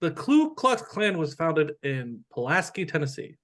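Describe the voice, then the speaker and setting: A man with a high voice co-hosts a casual sports chat. His pitch swings widely as he reacts with disbelief and drops wry asides. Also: very animated, unhurried. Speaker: co-host.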